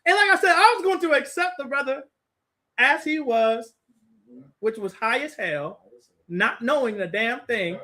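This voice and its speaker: A man with a high, bright, sharp voice tells a story with lots of energy. He laughs often and acts out other people's words. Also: unhurried. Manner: animated, laughing, acts out quotes. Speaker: group teacher. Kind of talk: casual storytelling chat.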